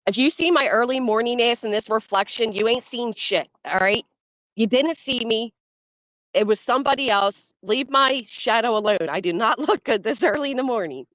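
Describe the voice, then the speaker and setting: A woman's voice: fairly high pitch, moderate pace, fairly bright tone, no room sound, highs cut off. Blunt, chatty woman streaming from home. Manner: chatty and blunt, swears freely, laughs often. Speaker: livestream host. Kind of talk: casual livestream commentary, talking to chat. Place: at home, early morning.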